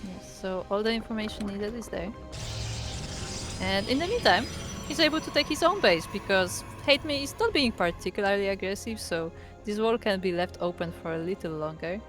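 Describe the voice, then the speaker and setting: A woman's voice: mid-range voice, animated, normal speed. Woman caster, medium voice, casual play-by-play, filler words, music behind. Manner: casual, uses "like" often. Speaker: esports caster. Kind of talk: live game commentary.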